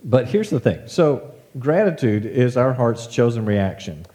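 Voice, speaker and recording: A man's voice: medium pitch, very animated, a little slow, mellow. A middle-aged man preaching a casual sermon, conversational and self-deprecating, telling stories with animation. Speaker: pastor.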